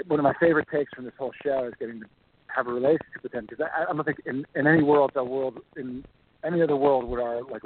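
A man from Texas, an actor, chatting as a guest in a casual interview, rambling with plenty of fillers. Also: mid-range voice. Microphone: phone call. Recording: tinny phone line.

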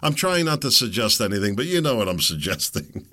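A man's voice: medium pitch, very animated, a little fast, bright, forceful tone. A middle-aged man hosting his own podcast, talking casually on his own in a rambling, wry way and chuckling at his own jokes. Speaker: podcast host. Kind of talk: casual solo podcast monologue.

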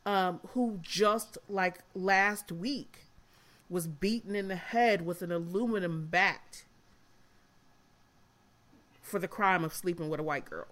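This is a frank, blunt woman in her fifties hosting a casual podcast chat. Her voice sits a little low. She swears freely and sounds emotional, close to tears. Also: takes it slowly, pauses often, fairly bright tone. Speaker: podcast host.

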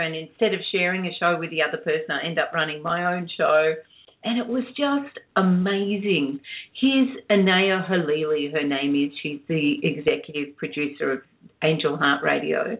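An older woman, a radio producer being interviewed, telling stories in a chatty way and laughing often. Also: fairly low pitch. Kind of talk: casual interview chat. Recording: tinny phone line.

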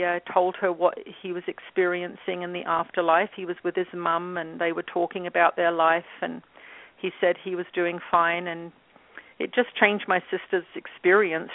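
A woman in her fifties from England, a guest telling her story in a relaxed interview with many fillers. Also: on the low side, gravelly, no echo. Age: 50s. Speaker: guest, channel and author. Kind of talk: casual interview talk. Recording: tinny phone line.

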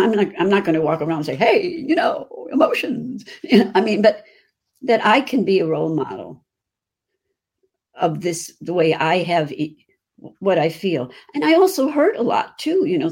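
A woman's voice: fairly low pitch, darkish tone, slightly rough. An older woman with a Chicago accent, chatting effusively as a guest on a video-call interview. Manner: effusive, chatty, restarts often. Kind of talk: casual interview chat.

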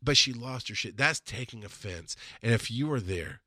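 A man's voice: mid-range voice, expressive, normal speed, pushed and bright, dry recording, clean studio sound. A man hosting a solo podcast, talking bluntly and with lots of swearing, and often working himself up into heated rants. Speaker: podcast host.

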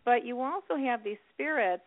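A woman hosting an internet radio show, chatting warmly and encouraging her guest. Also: a little high, normal speed. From Illinois. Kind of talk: casual interview chat. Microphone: phone call. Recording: tinny phone line.

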